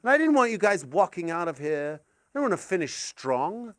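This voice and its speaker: An older man performing a rambling, absurd stand-up comedy set at a live gig in a gallery, sweary and swinging from muttering asides to shouted rants. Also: high-pitched, big pitch swings, moderate pace, slight background noise.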